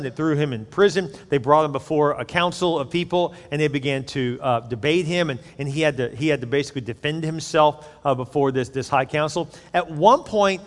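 A man's voice: a little high, fairly quick, few pauses, big-room sound. A male pastor from the United States preaching a sermon in a conversational way, acting out the voices he quotes.

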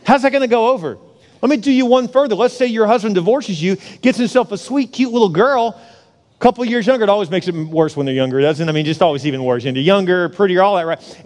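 Male pastor, sermon, lively storytelling preacher who acts out scenes; high voice; long church reverb. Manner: animated preacher, acts out a partying king.

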